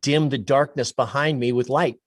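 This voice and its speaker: A man's voice: mid-range voice, fairly even intonation, moderate pace, dry recording. Wry man with a dry sound. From Hawaii, USA. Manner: dry, wry one-liners. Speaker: storyteller guest. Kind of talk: casual interview chat. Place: garage. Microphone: video call.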